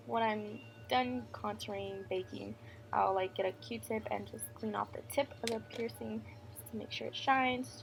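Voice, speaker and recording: A woman's voice: mid-range voice, gravelly, background noise. A young woman chatting casually as she talks through her makeup routine, her speech full of "like" and loose asides. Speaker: beauty vlogger. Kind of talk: casual makeup voice-over chat.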